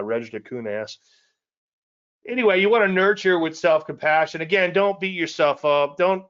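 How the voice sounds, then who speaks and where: A man teaching traders in a live session. His pitch sits in the middle, and the recording sounds a little dull and muffled. He talks casually and drifts off topic, repeating himself and laughing at his own jokes. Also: a bit bright. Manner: conversational and digressive, chuckles at his own asides; repeats phrases and restarts sentences. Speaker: trading educator hosting a live weekly show. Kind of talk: live trading presentation.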